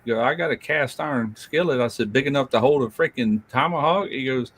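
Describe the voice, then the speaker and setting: An older man hosting a relaxed evening chat, slipping easily into folksy stories. His delivery is blunt and plain-spoken. The sound is dry and close, with no room around it. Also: mid-range voice, a little fast, few pauses, no echo. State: feeling unwell. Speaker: host. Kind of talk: casual live chat.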